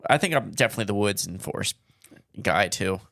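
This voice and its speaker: Male co-host, relaxed and chuckling; mid-pitched gravelly voice, dry close mic. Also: dry recording. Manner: easygoing, chuckling, quick agreeing replies. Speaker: podcast co-host. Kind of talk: casual chat.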